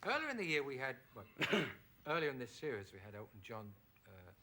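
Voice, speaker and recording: A man's voice: medium pitch, wildly swooping pitch, brisk, bright, forceful tone, slight background noise. A middle-aged man hosting a talk show, asking his guest friendly, leading questions.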